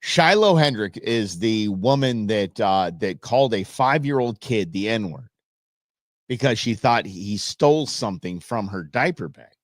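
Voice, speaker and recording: A man's voice: fairly low pitch, expressive, unhurried, dry recording, studio quality. Blunt, rambling male stream host. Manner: rambling, blunt, with frequent restarts. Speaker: live stream commentator. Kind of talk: reacting to a TV clip.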